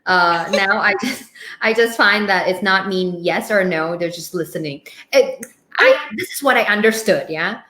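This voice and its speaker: Woman host, mid pitch, roomy echo, laughs a lot. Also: moderate pace, bright, forceful tone. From Thailand. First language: Thai. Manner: laughs often, hesitant restarts. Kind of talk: casual live chat. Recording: echoey room.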